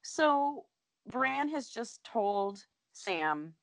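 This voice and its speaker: A woman co-hosting a casual TV recap chat, animated and swearing freely as she acts out scenes. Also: a little high, very slow, creaky, no echo. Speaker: podcast co-host.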